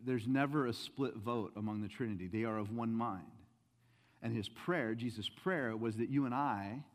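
A male pastor delivering a sermon in a church, his voice carrying a long hall reverb. He swings from loud, emphatic rises to quiet, low asides as he presses his points. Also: normal speed. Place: church sanctuary.

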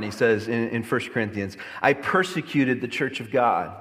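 A man preaching a sermon as a pastor, passionate and emphatic, swinging from loud lines to quiet, low ones. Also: moderate pace. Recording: long hall reverb.

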